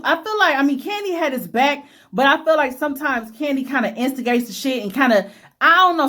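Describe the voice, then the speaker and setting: A woman giving blunt, opinionated casual commentary on a reality show episode, swearing freely and using lots of fillers. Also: high-pitched.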